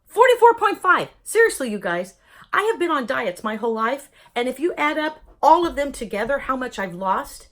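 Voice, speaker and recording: A woman recounting her own experience in a vlog, full of humor and little acted-out voices. Her voice sits a little high and leaps around in pitch as she talks. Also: normal speed. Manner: lively, jokey, acts out voices in quotes. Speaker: vlogger telling her own story. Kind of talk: animated personal storytelling.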